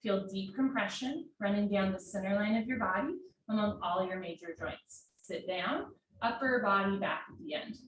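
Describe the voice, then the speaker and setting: A woman teaching a live yoga class from home, calling out poses in steady, directive short commands. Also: mid-range voice, moderate pace. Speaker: yoga instructor. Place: home room. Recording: very echoey room, mic far off, faint noise.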